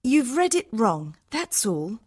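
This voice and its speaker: A man's voice: extremely high pitch, very animated, slow, voice pushed up, exaggerated voice. A man reading a story aloud, voicing an anxious young woman traveller who pleads urgently.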